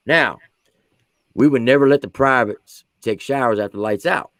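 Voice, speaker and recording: A man's voice: medium pitch, moderate pace, a bit bright, no room sound. A man, an army veteran who served as a drill sergeant, telling a story on a podcast in casual slang and acting out the quotes.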